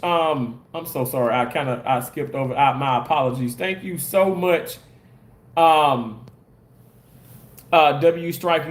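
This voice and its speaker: A man with a fairly high voice chats casually on a live stream, reading comments aloud and answering his critics defensively. His voice carries a roomy echo. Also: a bit bright. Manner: defensive, argues back at commenters. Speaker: live streamer and content creator.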